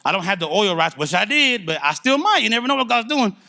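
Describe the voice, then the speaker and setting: Middle-aged man, slightly high voice, candid and animated church testimony. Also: fast talker, vocal fry. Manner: candid, conversational, animated storytelling. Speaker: church speaker giving testimony.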